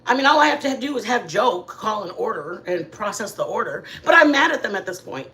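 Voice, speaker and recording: A middle-aged woman hosting a casual livestream from her living room, telling rambling, animated stories to her chat. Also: mid-range voice, fairly quick. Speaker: channel host.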